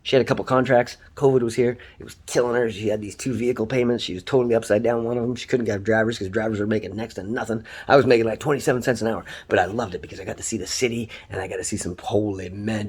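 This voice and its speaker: Husky man ranting and swearing. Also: on the low side. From Canada. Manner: swears constantly, ranting, heated. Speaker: taxi driver ranting online. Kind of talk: angry profane monologue.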